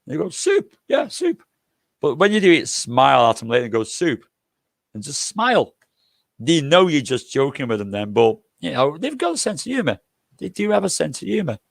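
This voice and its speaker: A man's voice: mid-range voice, sing-song, brisk, creaky, dry recording, clean studio sound. An older man hosting a livestream, telling rambling, jokey anecdotes and swearing freely. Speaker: livestream host.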